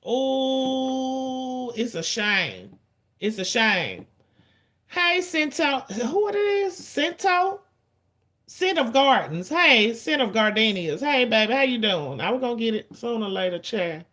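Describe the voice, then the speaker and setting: A woman in her forties hosting a livestream, venting to her chat in a blunt, profane, rapid-fire way and stretching out the lines she wants to stress. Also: high voice, expressive, a bit bright. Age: 40s. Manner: drawn-out emphatic lines. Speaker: livestream host. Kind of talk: casual ranting to chat.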